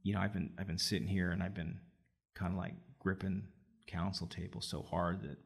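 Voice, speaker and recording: Low-voiced man hosting a legal podcast. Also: fairly even intonation, fairly quick, gravelly, breathy edge. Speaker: podcast host. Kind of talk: conversational podcast interview.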